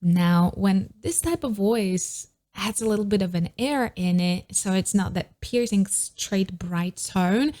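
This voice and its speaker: A woman's voice: medium pitch, takes it slowly, few pauses, warm tone. A woman vocal coach giving reaction commentary on a singer, admiring and analytical, with technical vocal terms.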